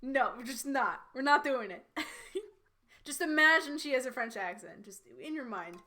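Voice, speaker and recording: A young woman riffing on a fan fiction with a friend, giggly and sarcastic. Her voice is bright and a little high, and she rambles, restarting her sentences as she reacts. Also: animated, normal speed. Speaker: podcast co-host. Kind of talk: casual comedic fanfic reading.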